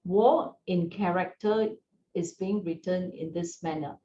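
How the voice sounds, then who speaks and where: A woman teaching beginners at an unhurried pace, with gentle encouragement and frequent check-ins with her learners. Her voice sits back from the microphone in an echoing room. The sound is slightly dull, with a faint hiss underneath. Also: on the low side, far from the mic. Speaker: Mandarin teacher. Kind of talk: slow, patient language lesson.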